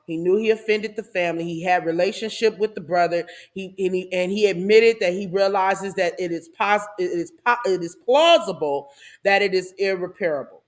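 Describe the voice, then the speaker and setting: A woman hosting her own channel, giving a casual and animated commentary monologue with a preachy tone and laughing asides. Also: mid-range voice. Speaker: host.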